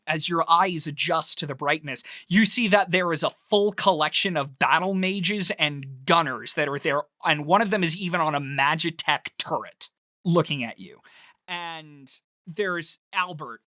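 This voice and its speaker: Bright-voiced man narrating as game master. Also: fairly high pitch, no echo, clean studio sound. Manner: descriptive, drawn-out emphasis.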